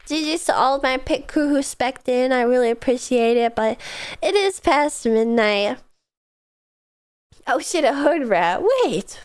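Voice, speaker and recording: A woman's voice: sits high, measured pace, clear, resonant tone. A young woman streamer with a stuffed-up nose from a cold, rambling casually to her chat with lots of fillers and giggles. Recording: soft music behind.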